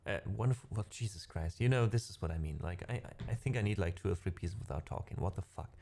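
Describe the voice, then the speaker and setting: Talking fast in a low, dark-toned voice, with slight background noise in the clip, this music streamer chats casually with his livestream audience between piano pieces. He isn't a native English speaker, and he rambles, corrects himself, and laughs often.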